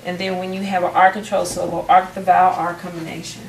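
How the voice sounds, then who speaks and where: A woman's voice: on the low side, little pitch movement, fast, gravelly. A woman, teaching a classroom phonics lesson, patiently prompting her students and restarting phrases. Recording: roomy, distant, faint background noise.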